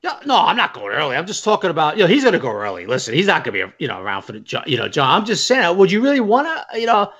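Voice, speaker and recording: A man co-hosting a podcast in casual sports chat, emphatic and animated, often checking that his point lands. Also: a little high, rapid-fire, hardly any pauses, slightly rough. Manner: emphatic, animated, keeps asking "you know what I mean". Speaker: podcast co-host.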